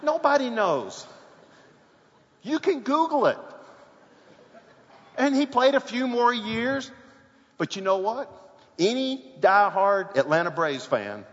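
A man preaching a sermon, telling a sports story with rising excitement and shouts. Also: very high voice, slow pace, pauses often, long reverb tail, dull audio.

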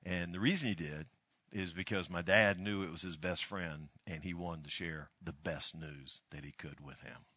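A man's voice: low voice, fairly even intonation, moderate pace, bright, forceful tone, breathy edge, no room sound. An older man from Alabama, a pastor giving a folksy, storytelling sermon.

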